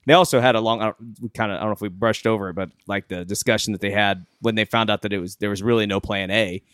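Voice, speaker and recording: Male co-host, low voice, rapid chatty delivery, dry close mic. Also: steady tone, a bit bright, clean tone, no room sound. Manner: quick, chatty, jumps in to add details. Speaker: podcast co-host. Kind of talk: casual film discussion.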